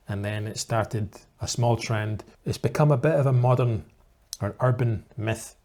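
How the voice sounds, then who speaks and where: A man's voice: medium pitch, moderate pace, darkish tone. Patient man explaining like a teacher. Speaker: English teacher. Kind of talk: reaction commentary for learners.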